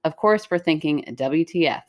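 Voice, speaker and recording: A woman's voice: sits low, moderate pace. A woman co-hosting a casual chat, reading listener stories aloud in a playful, dramatic way. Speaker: podcast co-host reading stories.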